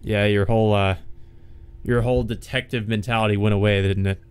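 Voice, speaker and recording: A man's voice: on the low side, steady tone, a little fast, a little mellow, smooth. A man hosting a let's play, reading a visual novel aloud and breaking in with wry, joking asides.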